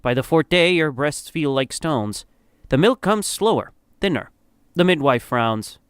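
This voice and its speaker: A man's voice: fairly high pitch, animated, measured pace, clean tone, no echo, clean studio sound. A man narrating a dramatic story in the second person, in a grave, somber manner.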